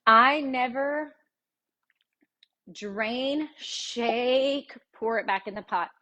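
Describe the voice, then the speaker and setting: A woman talks her viewers through a recipe in her home kitchen. Her voice sits a little high, and she keeps the tone chatty and folksy, breaking into easy laughter. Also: drawn-out words, pushed and bright, lo-fi sound. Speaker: cooking show host. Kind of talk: casual live cooking demonstration.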